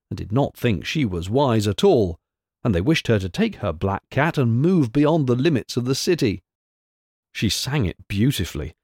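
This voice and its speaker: A man reading a storybook aloud in an expressive, animated way. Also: lowish voice, no echo, clean studio sound. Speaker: narrator.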